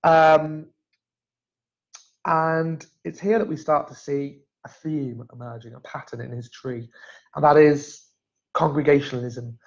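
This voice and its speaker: A man presents family history in a loose, conversational live-stream manner, with a slightly raised pitch and a gravelly edge. He often backtracks and fixes his words mid-sentence. The sound is dull and lo-fi, like streamed web audio. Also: little pitch movement, measured pace. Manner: chatty, self-correcting, frequent restarts. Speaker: genealogy presenter. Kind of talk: casual live-stream talk.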